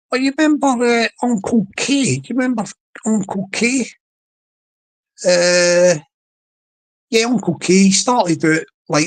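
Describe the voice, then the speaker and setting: A man's voice: sits high, poor audio. A man hosting a casual livestream, rambling with many restarts and repeated words and chuckling often. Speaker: livestream host.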